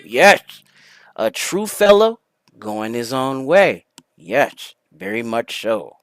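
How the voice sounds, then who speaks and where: A show host opening a podcast with exuberant shouting, crude jokes and rambling shout-outs. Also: mid-range voice, sing-song, takes it slowly, clear, resonant tone, dry recording. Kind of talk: loud rambling podcast intro.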